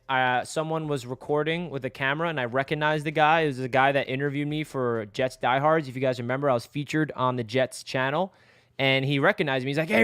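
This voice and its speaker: Excitable young man live-streaming, dry close sound. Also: fairly high pitch, clear, resonant tone, no room sound. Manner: excitable, rambling, bursts into yelling. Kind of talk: casual live stream chat.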